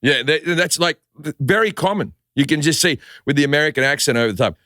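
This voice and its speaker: An Australian comedian telling stories on a podcast, loose and swearing, slipping into quick voices. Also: male voice, on the high side, animated, sharp tone, dry recording, clean studio sound. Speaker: comedian guest. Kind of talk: casual podcast storytelling.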